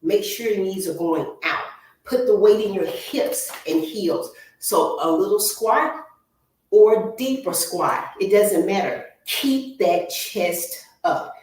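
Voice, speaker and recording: A woman fitness instructor guides a workout at an unhurried pace, counting down reps and coaching posture with steady encouragement. Her voice sits a little away from the mic. The room around her rings with heavy echo. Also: mid-range voice. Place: home exercise room. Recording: echoey room, voice from far off.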